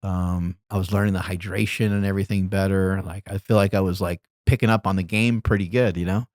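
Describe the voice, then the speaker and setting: Middle-aged man, low voice, casual rambling storyteller, dry close mic. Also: brisk, no echo. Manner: relaxed, rambling, laughs while telling stories. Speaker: podcast guest.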